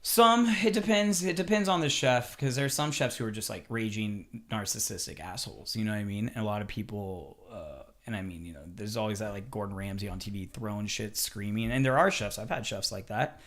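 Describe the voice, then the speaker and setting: A man who works as a chef, talking casually on a podcast, telling animated stories with swearing and acted-out quotes. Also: on the low side, brisk, few pauses.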